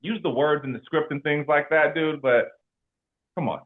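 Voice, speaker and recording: A young man from California in his twenties, giving a motivational sales team talk as an animated, slangy storyteller. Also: a little high, normal speed. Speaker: insurance sales trainer. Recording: tinny phone-like sound.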